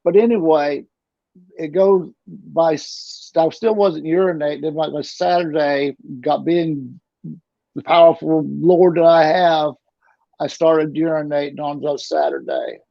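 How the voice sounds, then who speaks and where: Middle-aged male guest, gravelly, slightly high voice, rambling and repetitive, dull lo-fi sound. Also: animated, a little slow, no echo. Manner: rambling, repeats and restarts words. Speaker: interview guest. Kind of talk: casual storytelling. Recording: dull lo-fi recording.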